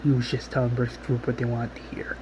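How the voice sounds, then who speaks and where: A man voicing a despairing, bitter teenage girl, flat and muttered. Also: medium pitch, fast, slight background noise, pitched below the performer's own voice, natural voice, poor audio.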